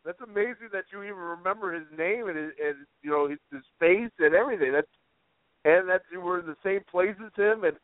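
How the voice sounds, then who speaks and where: Co-host guy rambling and stalling, kinda high voice, tinny phone-line audio. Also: no echo. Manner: rambling, halting, many fillers. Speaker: radio co-host. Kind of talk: casual comedy chat.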